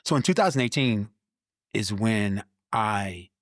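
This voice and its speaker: A man telling a personal faith testimony in a casual conversation, animated, repeating words, and acting out his own past lines. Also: fairly low pitch, unhurried, no echo, studio quality. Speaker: guest, Army veteran.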